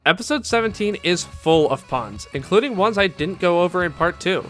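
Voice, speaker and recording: A man's voice: sits high, expressive, normal speed, a bit bright, soft background music. A man giving scripted video-essay narration as an anime commentator, enthusiastic and candid with fan asides.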